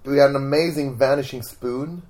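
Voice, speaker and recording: A Swedish man with a Swedish accent, a guest in a casual interview at home, tells stories in a relaxed, easy way, saying "like" a lot and restarting often. His voice is medium-pitched and his pace moderate.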